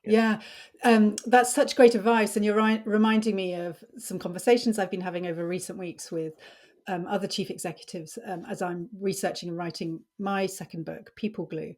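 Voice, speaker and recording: A woman's voice: fairly low pitch, a little mellow. Woman host of an interview podcast. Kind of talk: interview chat.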